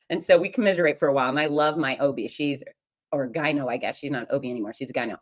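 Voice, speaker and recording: Low-voiced, frank woman telling a story. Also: racing. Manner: frank, humorous, confiding and animated. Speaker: podcast host. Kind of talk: candid personal storytelling.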